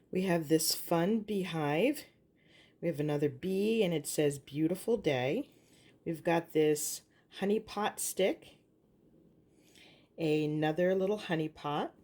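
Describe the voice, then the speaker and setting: A woman's voice: deep voice, dark tone. A woman presenting a craft haul, showing items one by one and gushing over each in an upbeat way. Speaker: craft YouTuber. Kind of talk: craft haul show-and-tell.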